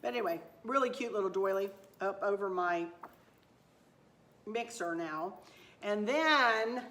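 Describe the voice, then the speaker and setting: A hoarse woman chatting casually to her viewers as a home decor vlogger, gushing and affectionate, rambling from one thought to the next. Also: mid-range voice, unhurried, a bit bright.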